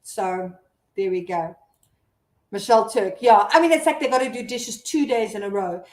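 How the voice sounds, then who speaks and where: A woman's voice: mid-range voice, moderate pace, echoey room. A South African woman hosting a casual live stream, chatting and laughing as she reads out viewer comments.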